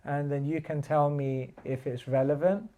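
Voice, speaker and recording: A man's voice: on the high side, moderate pace, phone-quality sound. A man giving a casual spiritual class, chatty and laughing, telling stories with many fillers. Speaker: spiritual teacher. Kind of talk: casual sermon with storytelling.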